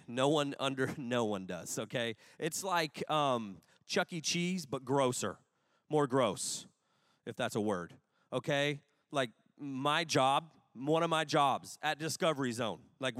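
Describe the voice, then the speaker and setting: A man's voice: mid-range voice, a bit bright, studio quality. Casual, joking male pastor in a reverberant hall. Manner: casual, humorous, rambling asides. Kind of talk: sermon with personal stories. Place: large room with an audience.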